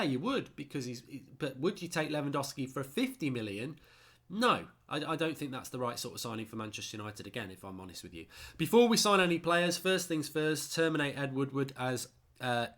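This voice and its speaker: A man's voice: mid-range voice, fairly bright tone. A man hosting a casual football stream, tired and yawning, talking bluntly and with strong opinions while he reads out viewer comments. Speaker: football channel host reading viewer comments. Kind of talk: casual live-stream chat.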